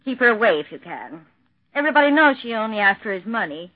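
A fussy, self-absorbed daughter. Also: female voice, fairly high pitch, sing-song, fast, dry recording. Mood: complaining. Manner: fussy, complaining. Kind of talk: vintage radio drama acting. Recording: tinny old radio broadcast.

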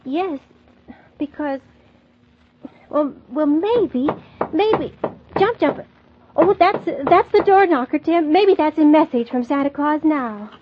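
A woman playing a gentle, high-voiced hostess. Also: moderate pace, noisy background, close to an everyday voice. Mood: worried. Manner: soft, gentle, laughs often. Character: kindly gentle woman who hosts a holiday house. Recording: dull lo-fi old recording.

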